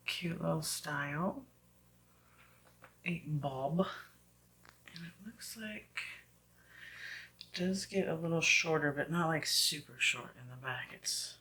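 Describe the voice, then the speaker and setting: A low-pitched woman with a slight Southern US accent reviews a wig at home for her casual vlog. She's chatty and often slips into soft, whispered asides.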